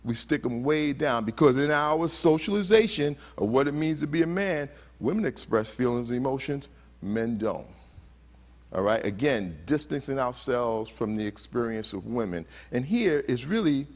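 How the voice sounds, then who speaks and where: A man's voice: mid-range voice, lively intonation, normal speed. Earnest man giving a conference talk. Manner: earnest, asks the audience questions and acts out heated quotes. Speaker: conference speaker. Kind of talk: motivational talk to a live audience. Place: conference hall.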